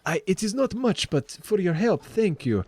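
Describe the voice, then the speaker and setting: A man's voice: sits high, sing-song, normal speed, a little mellow, dry recording, pitched above the performer's own voice. A man voicing an eager, anxious woman shopkeeper with a put-on accent, stammering and gushing in a tabletop game. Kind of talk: tabletop role-play voice.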